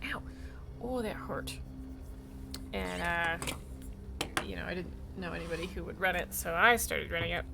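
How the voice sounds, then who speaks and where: A woman's voice: on the low side, moderate pace, gravelly, pauses often, very noisy. A woman streaming a game, chatting casually in a rambling, self-deprecating way. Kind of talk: casual gameplay chat.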